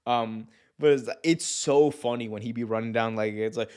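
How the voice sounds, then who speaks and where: Wrestling podcast host, excitable and slangy, cracks up easily. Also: male voice, medium pitch, normal speed. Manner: excitable, laughs often, slangy. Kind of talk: casual chat.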